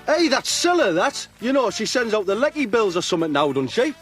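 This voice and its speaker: A foul-mouthed, mocking young mate from a cartoon. His voice is high and leaps wildly in pitch. Faint music plays behind him. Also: sing-song, fairly quick, fairly bright tone.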